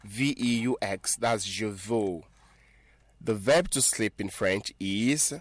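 A man gives a French lesson in a low voice, taking his time. He repeats each phrase and spells it out letter by letter. The sound is dry and close, with no room around it. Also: no echo. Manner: patient, repeats and spells words slowly. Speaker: French teacher. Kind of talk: spoken language lesson.

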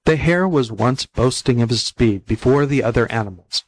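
A man reading fables aloud as a volunteer audiobook narrator, in plain, even storytelling. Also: medium pitch, moderate pace, no room sound, poor audio.

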